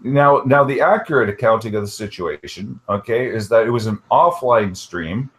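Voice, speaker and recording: A man's voice: on the low side, moderate pace. A man arguing heatedly in an online group chat, swearing often and punctuating every point with "okay". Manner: argumentative, keeps inserting "okay" and swearing. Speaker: participant in an online group hangout. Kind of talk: heated casual argument.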